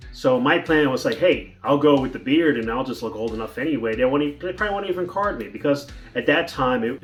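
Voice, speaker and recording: A man telling a personal story in a casual vlog, rambling with restarts and fillers. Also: mid-range voice. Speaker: vlogger.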